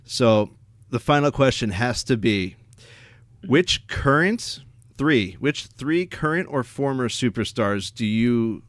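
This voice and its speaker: A man's voice: medium pitch, lively intonation, takes it slowly, dry recording, clean studio sound. A man hosting a podcast, asking questions and thanking his guest with polite, somewhat formal phrasing. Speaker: podcast host. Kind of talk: casual podcast interview.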